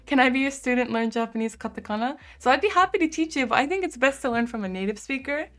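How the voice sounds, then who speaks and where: Her voice is high and animated, and she's a fast talker. This young American woman streams from home, answering viewer comments in a chatty way full of "like" fillers and cooing gently at her cat.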